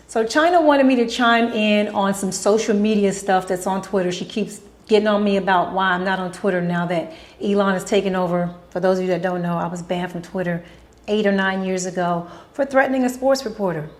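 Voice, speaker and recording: A woman's voice: medium pitch, fairly even intonation, fairly quick, darkish tone. A woman hosting a casual Q&A vlog, answering questions bluntly, with strong opinions and profanity. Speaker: host answering viewer questions.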